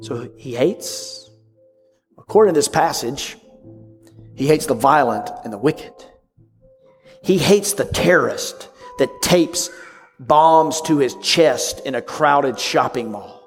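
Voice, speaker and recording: A man preaching a sermon, swinging from loud emphatic lines to hushed whispers. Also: mid-range voice, expressive, slow, in a large hall, soft background music. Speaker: pastor.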